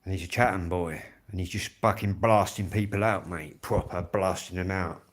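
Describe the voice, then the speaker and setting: A man's voice: deep voice, steady tone, normal speed. A man with a Kent accent hosting his own music channel, chatting casually and rambling on a live stream, swearing freely as he goes. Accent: Kent English.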